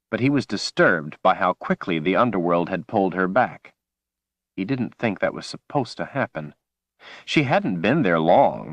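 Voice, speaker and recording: A man reads a fantasy audiobook in a measured, dramatic style. His voice is very deep and sits close to the microphone. The sound is dry, with no room echo at all. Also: fairly bright tone. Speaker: audiobook narrator. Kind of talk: audiobook narration.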